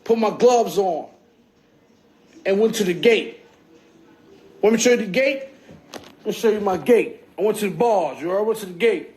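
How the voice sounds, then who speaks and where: A man's voice: sits high, expressive, moderate pace, pauses often, darkish tone. A man telling a story on a phone livestream, rambling and profane, and often checking in with his listeners. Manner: profane, streetwise, keeps checking in with "you heard?".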